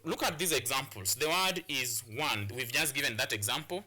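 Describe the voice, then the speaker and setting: A man's voice: mid-range voice, normal speed, bright, forceful tone. A man with a Kenyan English accent teaching an English pronunciation lesson, repeating and restarting phrases as he explains to students.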